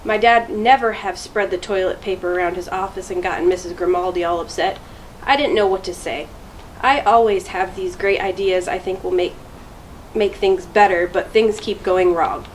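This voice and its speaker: A woman's voice: fairly low pitch, moderate pace, slight background noise, low-quality recording. Woman reading a children's chapter book. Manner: clear, steady read-aloud storytelling. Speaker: school deputy reading aloud.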